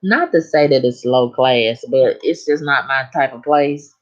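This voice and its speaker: A woman's voice: extremely low pitch, a little slow, lo-fi sound. A woman chatting frankly on a casual livestream, laughing at her own stories. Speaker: livestream host.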